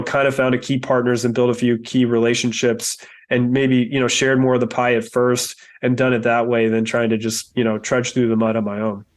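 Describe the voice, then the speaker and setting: Earnest man reflecting as a guest. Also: medium pitch. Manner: earnest, reflective, thinks aloud with many fillers. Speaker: real estate investor, podcast guest. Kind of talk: interview podcast.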